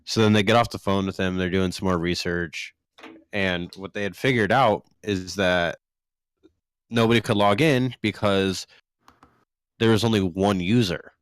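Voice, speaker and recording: A man's voice: sits low, moderate pace, clear, resonant tone, no echo, studio quality. A man co-hosting a casual, profane podcast chat, telling stories and acting out angry callers. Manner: animated storyteller, acts out angry callers. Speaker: podcast co-host.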